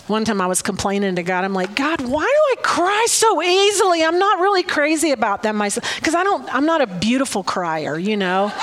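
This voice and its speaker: Middle-aged woman preacher, slightly high voice, tearful and animated, laughs often. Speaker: pastor. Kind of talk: sermon with personal prophetic words.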